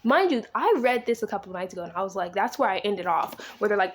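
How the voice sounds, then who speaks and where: A woman with features, casually recapping a novel for her vlog, swearing freely and acting out the characters' lines in quick bursts. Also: mid-range voice, expressive, slight background noise. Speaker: book vlogger. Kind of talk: casual book recap chat.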